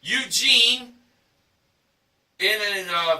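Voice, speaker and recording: A man hosting a game show recap, reading the results in a showy announcer style with drawn-out shouted prices. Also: high voice, lively intonation, roomy sound, distant mic. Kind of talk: enthusiastic scripted recap narration.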